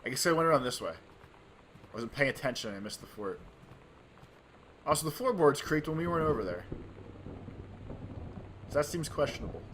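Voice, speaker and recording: A man's voice: a little high, very animated, normal speed, long pauses, fairly bright tone, a little hiss or hum. A man hosting a let's play, giving casual gameplay commentary with joking, offhand asides.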